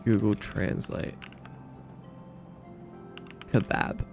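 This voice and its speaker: A man's voice: very slow, over music. A man streaming live, answering his chat in a casual, joking way.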